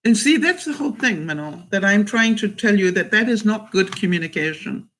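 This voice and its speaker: An outspoken woman vlogger answers her viewers' comments in a relaxed, chatty way. Her voice is bright and forceful, and she leans hard on her points with an assertive, emphatic delivery. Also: mid-range voice, fairly quick, a little hiss or hum, rough recording. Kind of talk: casual live chat.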